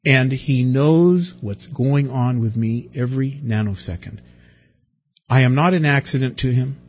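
A man preaching a sermon, lively and dramatic, acting out the people he quotes with big swings in his voice. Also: mid-range voice, unhurried, muffled recording. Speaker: pastor.

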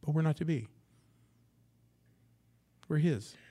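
A man preaching a sermon in a church, swinging from loud, emphatic lines down to hushed, low asides. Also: takes it slowly. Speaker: pastor. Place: church sanctuary.

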